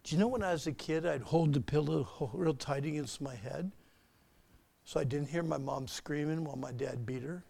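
A man preaching a sermon, swinging between loud emphatic bursts and soft, slow asides, and putting questions to his listeners. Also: a little high, creaky, husky. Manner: asks the audience questions. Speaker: pastor.

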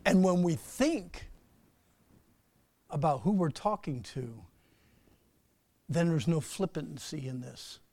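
A man preaching a sermon, swinging between loud emphatic bursts and soft, slow asides, and putting questions to his listeners. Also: on the high side, expressive, no room sound. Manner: asks the audience questions. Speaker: pastor.

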